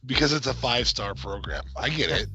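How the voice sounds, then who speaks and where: A man's voice: medium pitch, lively intonation, brisk, sharp tone, slightly rough, dull audio. A man from Nebraska co-hosting a casual podcast, playful and teasing as he chats. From Nebraska, United States. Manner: playful, teasing, chuckles at jokes. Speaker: podcast co-host.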